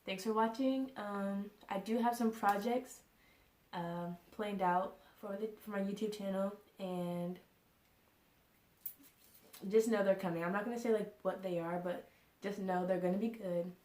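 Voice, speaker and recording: A woman's voice: medium pitch, measured pace, darkish tone. A young woman vlogger telling a casual storytime, rambling and full of fillers like "like" and "you know". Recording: echoey room.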